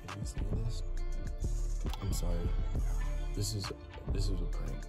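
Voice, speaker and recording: A young man vlogging a prank, nervous and excitable, drifting from mumbled asides to loud outbursts. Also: sits low, a little slow. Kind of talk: casual vlog narration. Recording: loud music behind the voice.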